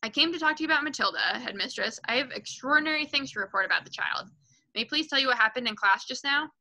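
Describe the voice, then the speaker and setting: A woman reading aloud and voicing a gentle, determined young female teacher who pleads earnestly. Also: high voice, lively intonation, quick pace, vocal fry, exaggerated voice, rough recording. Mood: pleading.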